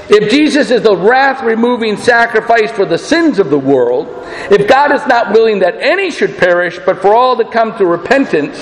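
A man preaching a sermon as pastor, emphatic and deliberate, with rhetorical questions. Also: high-pitched. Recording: echoey room with long reverb.

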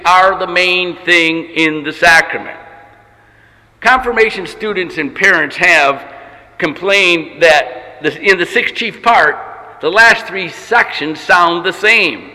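A man's voice: high-pitched, unhurried, bright, forceful tone. A man preaching a sermon, teaching with emphasis and rhetorical questions in a church. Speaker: pastor. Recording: long reverb of a large hall.

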